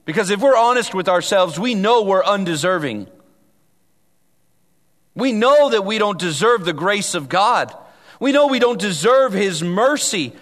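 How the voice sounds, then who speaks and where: Male pastor, fairly high voice, earnest sermon delivery moving between emphatic and hushed, long hall reverb. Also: expressive, unhurried.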